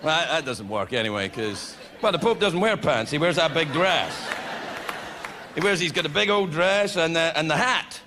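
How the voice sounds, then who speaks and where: A man doing a stand-up comedy set, loud, animated and heavily profane in his delivery. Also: fairly high pitch, normal speed. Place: comedy venue before an audience. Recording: live club with crowd and noise.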